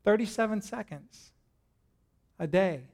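A middle-aged man preaching a sermon to a congregation in a church, lively and joking as he talks to them directly. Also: sits high, measured pace. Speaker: pastor.

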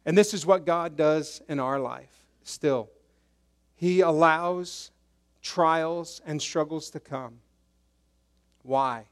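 A man preaching a sermon, swinging between loud emphasis and hushed, quiet lows. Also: takes it slowly, long pauses. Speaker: pastor.

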